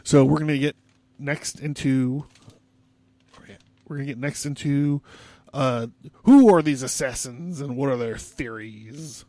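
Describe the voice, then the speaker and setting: A man's voice: medium pitch, measured pace, warm tone, no echo. A young man hosting a casual history podcast, rambling loosely with lots of fillers and asides. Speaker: podcast host.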